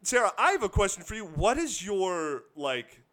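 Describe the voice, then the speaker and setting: A man from the Midwest hosting a casual podcast chat, playful and quick to laugh. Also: sits high. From American Midwest. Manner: animated, playful, laughs often. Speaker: podcast host.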